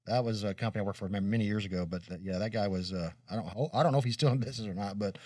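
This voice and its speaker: A man's voice: lowish voice, rapid-fire, darkish tone, no room sound. A middle-aged man from Kentucky co-hosting a casual chat, rambling and earnest with many restarts. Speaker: co-host. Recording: dry room, distant mic.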